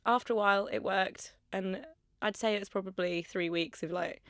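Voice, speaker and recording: A woman's voice: medium pitch, normal speed, fairly bright tone, no echo. A young woman, a podcast guest, talking candidly and chattily into a studio mic, with lots of "like" in her speech. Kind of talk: casual chat. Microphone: studio microphone.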